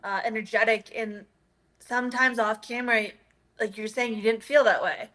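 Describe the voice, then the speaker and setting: A woman speaks as a guest in a casual chat, her voice a little high and bright. She talks earnestly, circling her point with fillers as she goes. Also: steady tone, moderate pace.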